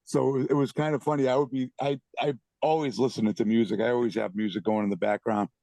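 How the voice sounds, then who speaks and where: A man from the Boston area tells stories on a video call with a loose, rambling delivery, often repeating himself. His voice is mid-pitched and sounds dry, with no room sound. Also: little pitch movement, fast talker, warm tone, no echo. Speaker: band member, guest. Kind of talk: casual storytelling.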